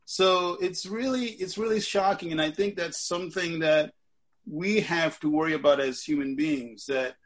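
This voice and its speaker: An American man joins an online book club discussion over a video call. He talks in a husky, slightly high voice. He is animated and joking. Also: moderate pace. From United States. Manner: animated and joking, breaks into laughter. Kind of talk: casual discussion.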